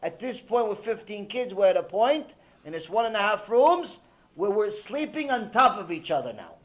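A man's voice: high voice, very animated, moderate pace. A man voicing a devout wife who has run out of patience and insistently urges her husband to act. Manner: insistent, urging.

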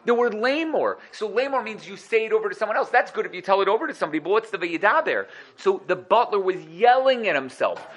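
A man teaching the weekly Torah portion, explaining commentaries in a lively way and acting out quoted lines with rising excitement. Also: high voice, quick pace.

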